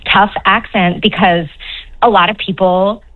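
A woman from Newfoundland with a Newfoundland accent, a dialect coach speaking by phone on a radio call-in show, chatty and quick to laugh. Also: mid-range voice, steady tone. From Newfoundland, Canada. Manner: chatty, laughs often, restarts sentences. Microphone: telephone. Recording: tinny phone line.

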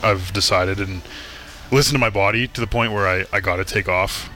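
A man in his thirties, a football player guest, answering in a relaxed, halting way with fillers. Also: fairly low pitch. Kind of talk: casual interview chat.

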